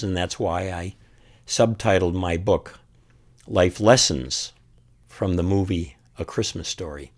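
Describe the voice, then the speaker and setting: A man's voice: on the low side, darkish tone. A man speaking earnestly and from the heart as an author and host, reflecting on a film scene. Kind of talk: reflective commentary to camera.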